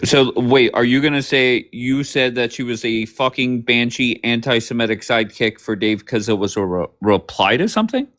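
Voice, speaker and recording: A man hosting a livestream, bluntly grilling his guests with rapid questions and frequent swearing. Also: mid-range voice, expressive, a bit bright. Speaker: livestream host. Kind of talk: confrontational livestream chat.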